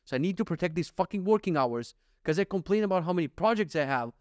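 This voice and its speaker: Animated, foul-mouthed man telling stories. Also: high-pitched, quick pace, dry recording. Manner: animated storytelling with heavy swearing; acts out quoted dialogue in his own voice. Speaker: vlogger. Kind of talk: casual podcast monologue.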